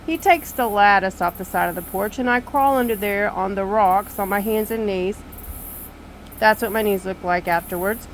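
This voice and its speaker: An older woman telling a story to camera on her screened back porch, animated, exasperated and poking fun at herself. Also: medium pitch, moderate pace, a little hiss or hum, low-quality recording. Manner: animated, exasperated, self-mocking. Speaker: vlogger.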